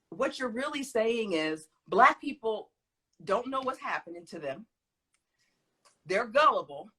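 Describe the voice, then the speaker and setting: A guest speaker, this woman teaches conversationally with an emphatic style, her bright, forceful, somewhat husky voice sitting on the high side with big pitch swings. She speaks a little slowly with long pauses, stresses points hard, and laughs often between them, all on a low-quality recording.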